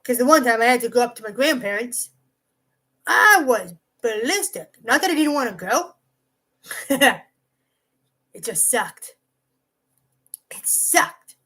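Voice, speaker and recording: A woman's voice: a little high, sing-song, unhurried, long pauses, bright, forceful tone. A young woman casually telling a rambling personal story, swearing freely and often restarting her sentences. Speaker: vlogger.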